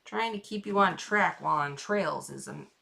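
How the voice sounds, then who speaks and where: A woman's voice: low-pitched, normal speed, vocal fry, bright, forceful tone. A woman streaming live while carving a pumpkin, chatting playfully and rambling to her viewers. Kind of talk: casual live-stream chat.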